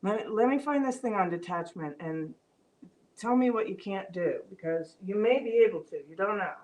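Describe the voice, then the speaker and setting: A woman's voice: mid-range voice, lively intonation, normal speed, a little mellow. A woman hosting a live-stream vlog, talking reflectively with frequent fillers and restarts, reading viewer comments aloud. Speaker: vlog host. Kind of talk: casual live-stream talk.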